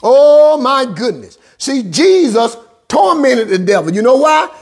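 A husky-voiced woman pastor preaching with rhythmic repetition, her lines climbing into shouts. Her pitch swings widely as she drives each point home in plain, informal phrasing. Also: big pitch swings, unhurried. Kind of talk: sermon.

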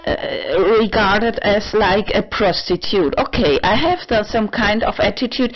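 A woman in her apartment, rambling in a personal vlog with non-native English phrasing, halting restarts and sudden swearing, a little tipsy. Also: medium pitch, lively intonation, muffled recording, noisy background. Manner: halting, many restarts and fillers, swings into swearing and emotional outbursts. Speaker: vlogger. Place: own apartment.

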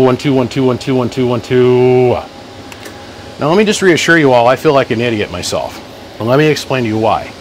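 A man talking loudly in his workshop, running a live-stream battery test, calling out "one, two" mic checks and greeting viewers by name. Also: mid-range voice, a little hiss or hum, rough recording. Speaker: host testing a car-audio battery. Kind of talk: casual live-stream demo. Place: workshop garage. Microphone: phone mic for live feed plus chest mic.

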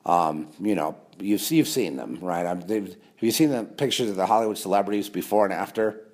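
A man's voice: deep voice, fairly quick, a little mellow. A man delivering a rambling monologue to camera, sarcastic, with mocking asides. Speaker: conspiracy video host.

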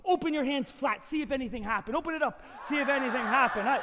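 A man's voice: very high voice, quick pace, few pauses, a loud crowd, very noisy. A man performing a playful family magic show on stage, leading the audience in call-and-response. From United States. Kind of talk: live kids' magic show patter. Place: concert hall stage. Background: music playing.

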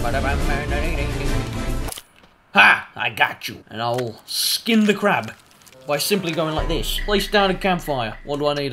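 A young man giving excitable, swear-filled let's play commentary as a YouTuber. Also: a little high. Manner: excitable, swears a lot, bursts into yelps. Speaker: gaming YouTuber.

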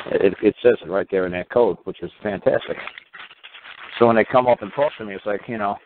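A man's voice: fairly low pitch, brisk, a little hiss or hum. A man talking at length in a rambling, casual way, full of fillers and repeated words. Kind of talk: casual rambling call-in talk. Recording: tinny phone line.

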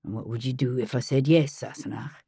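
A woman voicing a weary, stoic Scottish husband in an audiobook, with a dry, gruff, understated delivery. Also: a bass voice, a little fast, dark tone, no room sound, exaggerated voice. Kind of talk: audiobook character voice.

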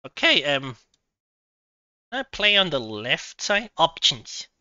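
A woman streaming a game live from her home computer setup, thinking out loud, laughing often and swearing freely. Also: deep voice, sing-song, slow, no room sound, lo-fi sound.

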